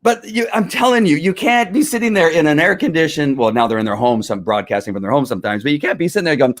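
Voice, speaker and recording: A man's voice: a little high, quick pace. A middle-aged man, a former police officer, riled up and ranting in heated commentary, full of restarts. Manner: riled up, animated, talks over himself with restarts.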